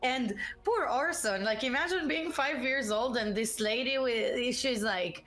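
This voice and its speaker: A woman's voice: a little high, measured pace, few pauses, fairly bright tone. A young woman co-hosting a live stream, joking playfully and laughing often. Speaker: co-host of a live interactive show. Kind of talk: casual live-stream chat.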